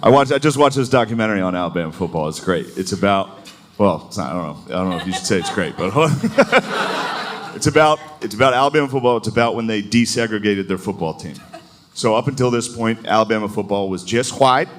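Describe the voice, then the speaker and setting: A man's voice: fairly low pitch, lively intonation, fairly quick, a crowd in the background. A man doing a stand-up comedy set on a club stage, loose and profane, slipping into mocking voices. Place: comedy club stage before a laughing crowd. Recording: live club recording with audience noise.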